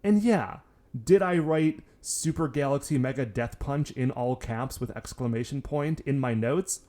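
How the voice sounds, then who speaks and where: A man's voice: mid-range voice, a little slow, warm tone. A man co-hosting a podcast in casual, joking chat, often saying "like". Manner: chatty, many "like" fillers, joking. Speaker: podcast co-host.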